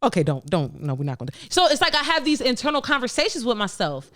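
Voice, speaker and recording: Brief: young adult woman podcast co-host, casual and candid, swears freely, lively expressive delivery, dry close mic. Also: fast, dry recording. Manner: candid, animated, swears freely, laughs often; slips into a low, hushed tone when quoting her inner voice.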